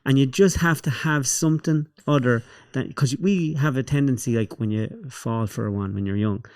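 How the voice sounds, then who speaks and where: A man's voice: mid-range voice, moderate pace, a little mellow, no room sound, clean studio sound. An Irish man hosting a podcast, talking in a blunt, reflective, casual way. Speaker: podcast host. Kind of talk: casual conversation.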